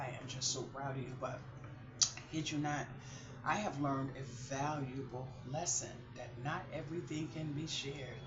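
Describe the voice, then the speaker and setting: Chatty woman vlogger, roomy sound. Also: a bass voice. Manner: chatty, rambling, animated storytelling. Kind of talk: casual chat to viewers. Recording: roomy and slightly muffled.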